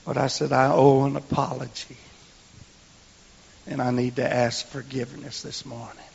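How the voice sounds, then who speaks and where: Gravelly preacher man. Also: medium pitch, little pitch movement, normal speed, slight background noise. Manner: folksy storytelling, swinging from hushed whispers to shouts. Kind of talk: sermon. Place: church. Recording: echoey lo-fi church recording.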